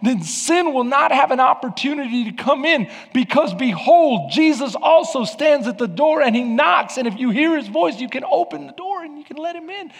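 A man's voice: extremely high pitch, lively intonation, normal speed, vocal fry, hardly any pauses. A man preaching a sermon as pastor, fervent and emphatic. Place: church sanctuary. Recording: long hall reverb.

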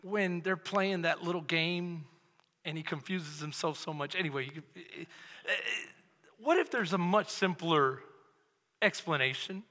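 A male pastor from Texas preaching a sermon, moving from soft, intimate passages to loud, shouted passion. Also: a little high, unhurried. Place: church sanctuary. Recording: long hall reverb.

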